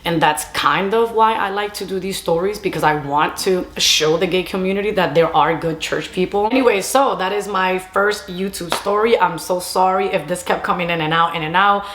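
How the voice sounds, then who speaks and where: A woman's voice: lowish voice, normal speed, few pauses, fairly bright tone, a little hiss or hum. A young woman tells a personal story to camera in a chatty way, mixing Spanish phrases into her English. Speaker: storytime vlogger. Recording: roomy echo.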